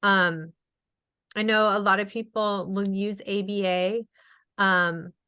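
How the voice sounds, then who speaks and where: A woman's voice: medium pitch, steady tone, takes it slowly, bright, forceful tone, smooth. Chatty woman speech therapist. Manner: chatty, frequent ums, acts out quoted dialogue. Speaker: speech-language pathologist guest. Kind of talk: casual webinar Q&A.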